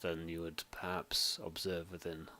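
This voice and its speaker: A man running a tabletop role-playing game as game master, relaxed and joking, often repeating words as he thinks. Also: low voice, a little slow. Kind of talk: casual tabletop game narration.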